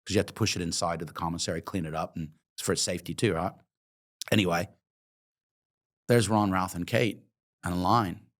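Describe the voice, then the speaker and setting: A low-voiced man in his fifties, originally from Oregon, talks through his past in a long interview. He is reflective and openly emotional, pausing with hesitant ums as he recalls. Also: steady tone. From Oregon, USA. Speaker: guest, coffee company founder. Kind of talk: interview, personal storytelling.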